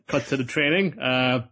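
A man chatting casually, retelling an episode in a rambling way with quick put-on voices. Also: medium pitch, noisy background. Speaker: podcast co-host recapping an anime. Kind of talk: casual chat.

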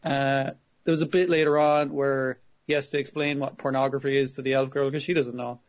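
A man's voice: medium pitch, flat delivery, fairly quick. A man co-hosting a casual podcast, retelling scenes with acted-out quotes and some swearing. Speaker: podcast co-host reviewing anime. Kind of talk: casual chat. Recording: dull lo-fi audio.

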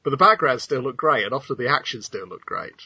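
A man's voice: medium pitch, animated, fast talker, creaky, sharp tone, husky, no room sound. A man hosting a casual anime review chat, reading out credits with wry asides, on a dull lo-fi recording. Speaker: podcast host. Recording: dull lo-fi dry sound.

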